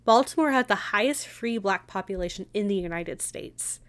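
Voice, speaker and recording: A woman's voice: medium pitch, expressive, normal speed. A woman co-hosting a history podcast, chatty and enthusiastic with frequent laughs. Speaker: podcast co-host. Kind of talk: casual history podcast chat.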